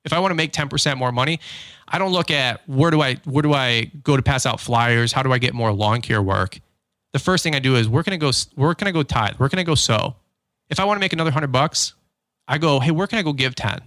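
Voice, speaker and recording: A man's voice: medium pitch, quick pace, no room sound. A man hosting a podcast, talking casually in a loose monologue and acting out quotes as he tells stories. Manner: animated storytelling, acts out quotes; frequent fillers and restarts. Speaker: podcast host.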